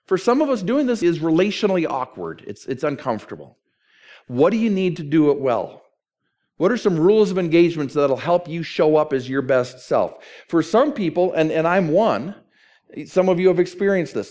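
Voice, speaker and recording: Pastor, male, middle-aged, fairly high voice, talks to the congregation in a relaxed way and leans on emphasis. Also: moderate pace. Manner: conversational preaching with emphatic repeated phrasing. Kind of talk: sermon.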